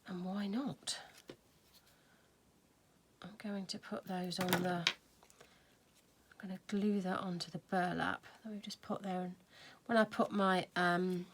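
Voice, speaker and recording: A woman's voice: lowish voice, little pitch movement, a little slow, pauses often, a little hiss or hum. A woman hosting a casual crafting tutorial, chatting and thinking aloud as she works. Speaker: craft video host.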